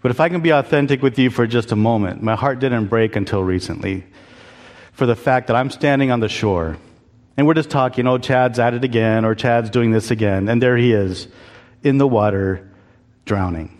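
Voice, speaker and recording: A man's voice: mid-range voice, moderate pace, a little mellow, long reverb tail. A man preaching a sermon as a pastor, candid and conversational, asking the congregation to answer back. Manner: candid, conversational preaching with audience call-and-response. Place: church.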